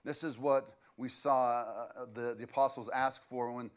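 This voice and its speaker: A man's voice: mid-range voice, steady tone, moderate pace. A man, preaching a sermon as a pastor and telling stories in a loose, conversational way with fillers.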